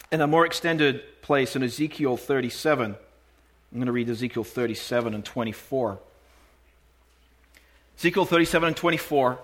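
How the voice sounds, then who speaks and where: A man preaching a sermon, reading scripture aloud in a measured, emphatic way and slowing down on key phrases. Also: medium pitch, a bit bright, breathy edge.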